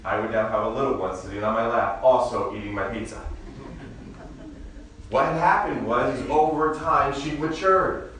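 Conversational pastor in a very echoey hall. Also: male voice, mid-range voice, moderate pace, a bit bright, a little hiss or hum. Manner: conversational, storytelling with humor. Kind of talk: sermon. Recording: very echoey room, mic far off, faint ambience.

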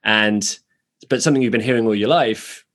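A British man, an actor, talking through ideas in a relaxed podcast chat, thoughtful and frank, circling back on himself as he goes. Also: lowish voice, moderate pace. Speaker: actor, guest. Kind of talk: casual podcast conversation. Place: New York.

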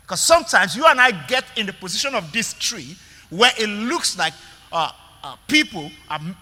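A man's voice: high voice, pushed and bright, big-room sound. A male pastor preaching a sermon in an emphatic way, repeating words and calling out to the congregation.

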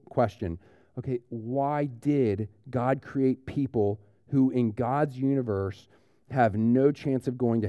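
A man, preaching a conversational sermon and retelling a story with lively restarts. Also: medium pitch, dry recording, lo-fi sound. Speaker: pastor.

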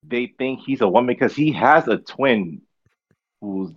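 A man's voice: mid-range voice, expressive, unhurried, slightly rough. A man in casual chat who mostly gives short agreements and chimes in with extra details. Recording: dry, dull lo-fi sound.

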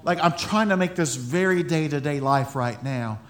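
A man's voice: a little high, normal speed, fairly bright tone. A man preaching a sermon in a loose, conversational way, breaking into laughter and restarting his sentences. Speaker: pastor.

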